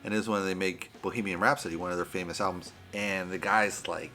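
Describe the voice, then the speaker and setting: A man's voice: on the low side, fast, hardly any pauses, sharp tone, soft background music. A man giving a casual, rambling movie review on his vlog, often saying "you know" and "right".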